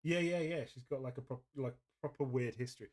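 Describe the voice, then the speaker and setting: A man's voice: medium pitch, a little fast, a little mellow. A man, casually chatting and telling rambling stories while hosting a painting stream, laughing often. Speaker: host of a painting livestream. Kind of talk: casual chat. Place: indoors at painting desk.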